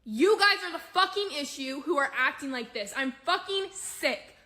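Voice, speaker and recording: Furious, high-pitched woman. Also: expressive, normal speed, sharp tone. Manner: furious, swearing, shaky. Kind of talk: enraged reaction video.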